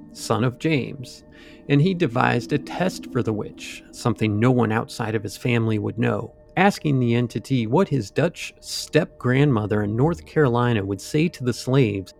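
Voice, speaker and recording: A man with a gravelly, creaky voice tells a ghost story in a casual podcast chat. He rambles, drops in asides and fillers, and his pitch sits in the middle range. Faint music plays beneath him. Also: a little mellow. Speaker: podcast co-host.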